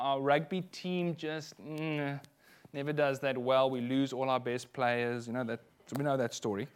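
A middle-aged man from South Africa with a South African accent, preaching a sermon as a minister and telling lively personal stories with frequent asides. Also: mid-range voice, clear, resonant tone.

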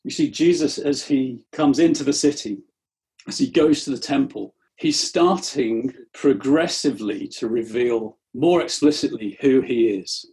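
A man's voice: medium pitch, measured pace, dark tone. A man preaching a sermon in an earnest tone, often repeating the first words of a phrase as he starts it.

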